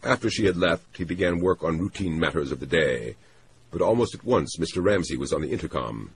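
Brief: low male reader, lively and expressive, measured novel narration. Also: creaky, a little hiss or hum, rough recording. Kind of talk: novel read aloud.

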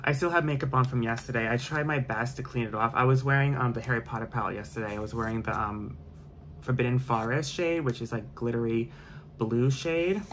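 A man's voice: mid-range voice, a little fast, fairly bright tone, a little hiss or hum. A man chatting casually while doing his makeup on camera, opinionated and prone to tangents. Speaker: beauty vlogger. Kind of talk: casual chat during a makeup tutorial.

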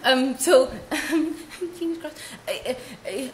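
A woman's voice: high-pitched, expressive, slow, few pauses. A young woman rambling through a comedic vlog, playful and silly, with giggly asides. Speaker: vlogger. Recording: echoey room with faint hiss.

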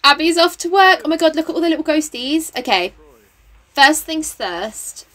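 A young woman giving chatty, excitable commentary while playing a life-sim game, full of slang. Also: high voice, normal speed. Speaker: game streamer. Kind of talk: casual gameplay commentary.

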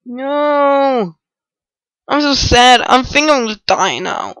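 A woman giving frantic gameplay commentary, shouting and wailing in mock despair. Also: sits high, expressive, slow pace, dry recording, poor audio. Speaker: gamer recording gameplay.

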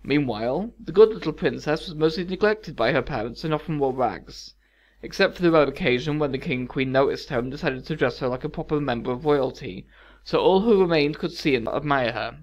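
A man reading a dark fairy tale aloud in a measured, expressive way as a storyteller. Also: on the high side, highs cut off. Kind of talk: scripted fairy-tale narration.

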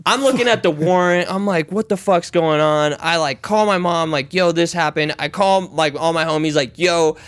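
Animated, profane man in his thirties. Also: on the high side, normal speed, hardly any pauses. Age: 30s. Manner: animated, swears constantly, acts out quotes. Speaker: podcast guest. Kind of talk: casual storytelling.

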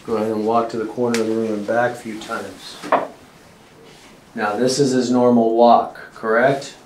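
A man's voice: medium pitch, flat delivery, normal speed, a little mellow, reverberant, slight background noise, poor audio. A man working as a chiropractor, explaining x-rays and exam findings to a patient in a casual, joking way. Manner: casual, joking, talks as he shows. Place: clinic exam room.

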